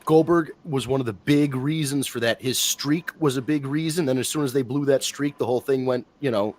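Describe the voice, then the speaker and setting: A man talks on a casual live stream with a rambling, animated delivery. He keeps circling back and restarting his sentences. His voice sits in an ordinary middle pitch. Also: brisk. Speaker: wrestling podcast co-host.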